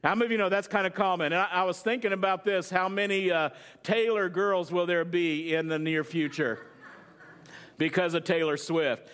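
A man's voice: high voice, normal speed, fairly bright tone, clean tone. A man preaching a sermon to a congregation in a loose, conversational way, joking and asking them questions. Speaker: pastor.

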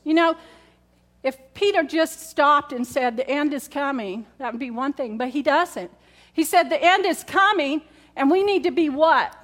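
A woman pastor with a high-pitched, fairly bright voice preaches a sermon to her congregation in church at a moderate pace. She keeps it conversational, repeating key words and asking the room questions.

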